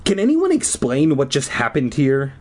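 Man doing a brisk drama teacher woman. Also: medium pitch, wildly swooping pitch.

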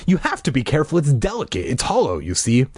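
A man voicing a brisk, insistent middle-aged mother who is full of energy. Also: fairly high pitch, wildly swooping pitch, darkish tone, slightly rough, no room sound, full character voice. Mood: eager. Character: energetic, pushy middle-aged mother, fast-talking artist.

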